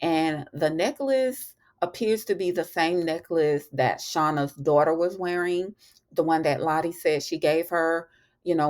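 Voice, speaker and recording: A woman hosting a TV episode recap, telling it in a chatty, storytelling way, full of fillers and asides. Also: low-pitched. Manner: chatty storytelling, lots of "you know" and "honey". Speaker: TV recap host.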